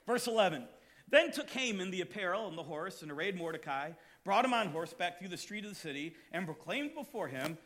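A man preaching a sermon as pastor, reading scripture and telling stories, rising to shouts at times. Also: high voice, lively intonation, a little fast.

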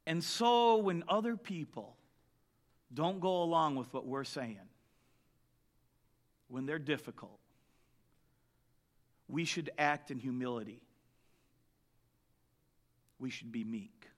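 A man preaching a sermon, telling the story with lively jokes and asides. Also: a little high, takes it slowly, long pauses. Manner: animated storytelling, joking asides.

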